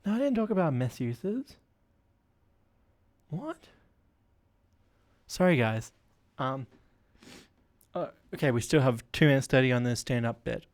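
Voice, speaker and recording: A man's voice: medium pitch, animated, a little slow, long pauses, dry recording. A man hosting a solo comedy podcast, rambling and self-deprecating with lots of fillers and a stuffy nose. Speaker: podcast host.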